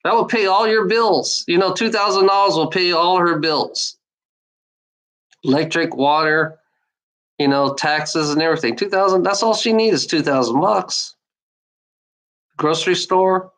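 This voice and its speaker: A woman's voice: on the low side, measured pace, pauses often, rough recording. A woman in a casual rambling monologue, swearing freely and often breaking into laughter.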